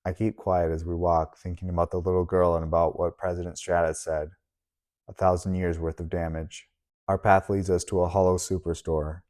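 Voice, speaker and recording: A man narrating an audiobook in a very low, deep voice. His reading is steady and measured, paced for a story.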